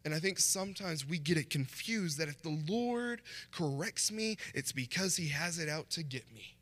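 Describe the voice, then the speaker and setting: The recording has long church hall reverb as a man, serving as guest pastor in the sanctuary, gives a chatty sermon and acts out short quoted voices. His voice is high-pitched with a fairly bright tone.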